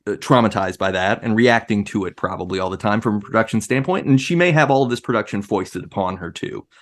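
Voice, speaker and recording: A man's voice: fairly low pitch, fast. A man in his forties co-hosting a casual podcast chat, joking and rambling as he explains. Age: 40s. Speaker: podcast co-host.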